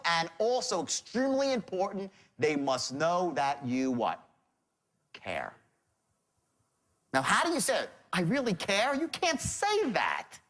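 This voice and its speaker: A sales trainer teaches a seminar lecture in a fairly high, fairly bright male voice. He's emphatic, regularly quizzing the audience and then answering his own questions.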